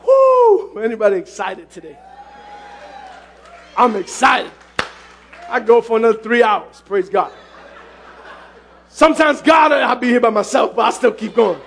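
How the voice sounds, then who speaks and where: A male pastor preaching a sermon, often shouting, telling his story with lively exclamations. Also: extremely high pitch, normal speed, vocal fry, pauses often. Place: church sanctuary.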